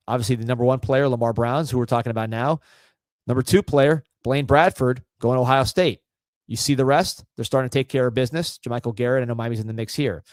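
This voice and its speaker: A man's voice: medium pitch, no room sound. A man hosting a live fan sports show, talking casually and with energy, reading viewer comments aloud. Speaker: host of a fan sports livestream.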